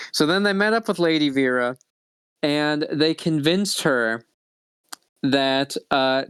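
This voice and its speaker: A man acts as game master, loosely recapping the last session and then narrating the next scene. His voice is smooth and resonant, and the recording is dry and close. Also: a little high, no room sound. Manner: laughing, halting, loose storytelling.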